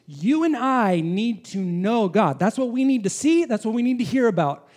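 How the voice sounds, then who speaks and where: Animated male preacher with a high voice. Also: normal speed, breathy edge. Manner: dynamic preaching, swinging between loud emphasis and hushed whispers. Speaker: pastor. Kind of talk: sermon. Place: church congregation in the UAE.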